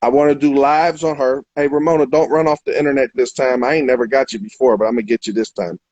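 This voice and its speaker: A man's voice: medium pitch, steady tone, fast, darkish tone, dry recording, dull audio. A man hosting a livestream argument, confrontational and profane, often talking over his guests. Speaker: livestream host.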